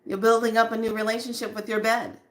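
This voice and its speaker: A woman giving a casual spiritual talk to viewers, chatty and animated, often laughing and slowing to a soft hush on calming lines. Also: fairly high pitch. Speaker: spiritual teacher.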